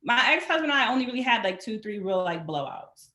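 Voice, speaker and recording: Lively woman guest chatting, acts out quotes, voice swings all over, roomy echo. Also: a little high, fast. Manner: animated, acts out quotes in her storytelling. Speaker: podcast guest. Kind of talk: casual chat.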